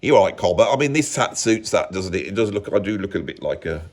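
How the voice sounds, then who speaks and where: A man's voice: lowish voice, animated, a little fast, pitched below the performer's own voice. An English man doing a jokey impression of a male Australian rock singer, with an attempted Australian accent, mumbling and trailing off. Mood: joshing.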